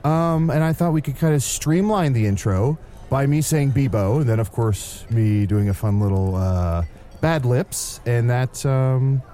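A man's voice: medium pitch, expressive, a little slow, dark tone, faint music behind, close to an everyday voice. A man playing an upbeat, playfully bossy male co-host on an improvised comedy podcast. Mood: explaining.

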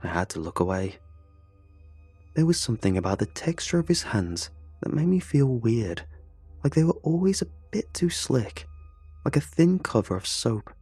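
Husky-voiced man narrating a horror story. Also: mid-range voice, sing-song, moderate pace, darkish tone, dry recording, faint music behind. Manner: tense, confessional storytelling.

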